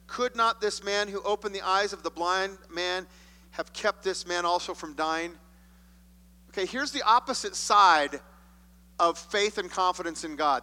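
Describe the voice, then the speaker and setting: A man preaching a sermon, reading scripture and acting out the voices he quotes with expressive shifts. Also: high voice. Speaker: pastor. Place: church sanctuary. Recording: long hall reverb.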